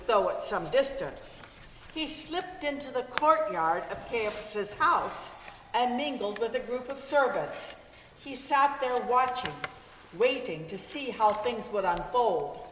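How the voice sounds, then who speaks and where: Unhurried female reader in an echoey hall with faint background ambience. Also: on the high side, expressive, noisy background. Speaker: scripture reader. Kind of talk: reading aloud.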